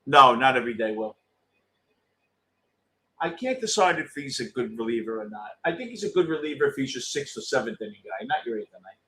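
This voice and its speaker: Medium in pitch and fairly quick, a middle-aged man's voice carries a postgame show. He talks to viewers in a casual manner, reacting bluntly and with excitement to a live game and swearing freely.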